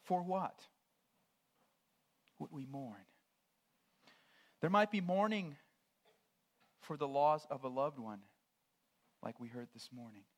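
A man preaching a sermon, laying out word meanings in short, measured phrases and swinging from hushed near-whispers to loud proclamations. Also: a little high.

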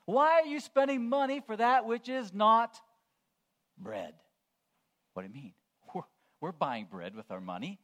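A man preaching a sermon. He swings between hushed, low asides and loud, proclaiming calls to the congregation. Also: big pitch swings, a little slow, pauses often.

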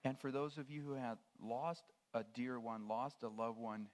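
Speaking at a medium pitch, a man preaches a sermon, setting out word meanings in short, measured phrases and swinging from hushed near-whispers to loud proclamations.

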